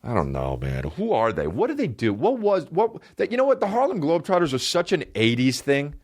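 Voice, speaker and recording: A man hosting a comedy podcast, riffing alone in a profane, rambling, animated way. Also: a little high, brisk, no room sound, studio quality.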